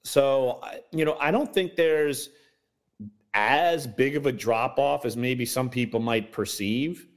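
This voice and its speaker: A man's voice: mid-range voice, takes it slowly. A man who writes about sports, a guest on a podcast, breaking down football in casual chat with many hedges and restarts. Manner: hedging, many fillers and restarts.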